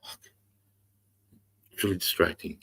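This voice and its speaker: A middle-aged Australian man hosting a livestream, telling a long story in a rambling, profane, animated way. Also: measured pace. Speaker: livestream host.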